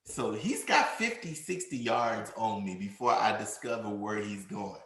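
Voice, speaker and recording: Animated man telling a story in an echoey room. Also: lowish voice, unhurried. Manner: animated storyteller, acts out quoted voices. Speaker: podcast host and teacher. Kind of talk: casual storytelling chat.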